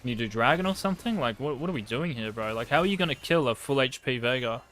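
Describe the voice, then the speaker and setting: Young man, game coach, blunt and sweary, casual slang, mid-pitched voice. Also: lively intonation, fast talker, a bit bright, faint music behind. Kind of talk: blunt gameplay coaching over a replay.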